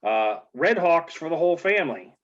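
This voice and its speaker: A man's voice: a little high, sing-song, moderate pace, voice pushed up. A man playing a friendly small-town bartender who talks in a rambling, hesitant, welcoming way, on dull lo-fi audio.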